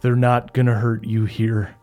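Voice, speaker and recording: A man's voice: mid-range voice, flat delivery, darkish tone, faint music behind, lightly acted. A man doing a weary, doomed father. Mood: solemn. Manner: solemn, resigned, halting. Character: weary middle-aged father bound to dark powers.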